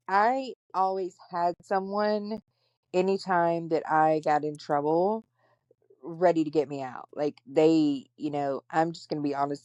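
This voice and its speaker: A podcast host with a low, darkish voice tells her story candidly and bluntly, with plenty of profanity, in casual storytelling chat. There is no room sound in the recording.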